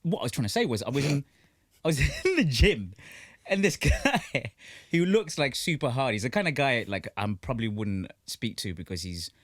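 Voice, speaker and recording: Man, podcast co-host, laughs a lot, very lively pitch, dry close sound. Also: moderate pace, no room sound. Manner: laughs often, jumps in pitch when excited. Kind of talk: casual chat.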